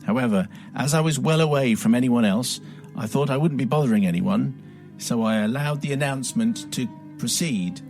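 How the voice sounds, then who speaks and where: A man's voice: mid-range voice, normal speed, a little mellow, faint music behind. A man hosting a radio show, reading a listener's letter aloud with wry, dramatic storytelling. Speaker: radio host.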